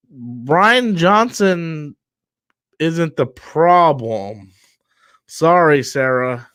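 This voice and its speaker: A man with a notably high voice hosts a live-stream discussion. He rambles and repeats himself, and turns combative when he answers critics. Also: fairly bright tone. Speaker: channel host.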